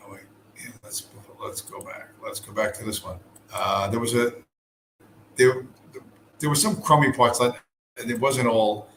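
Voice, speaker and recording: Man vlogger, low voice, rambling profane chat, echoey room with faint noise. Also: a bit bright. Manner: rambling, profane, many fillers and restarts. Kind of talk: casual travel chat to camera. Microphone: camera mic.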